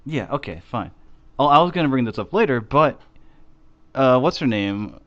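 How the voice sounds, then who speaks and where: A man co-hosting a casual chat show, rambling through a profane, animated retelling. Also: mid-range voice, moderate pace, highs cut off. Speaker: podcast co-host.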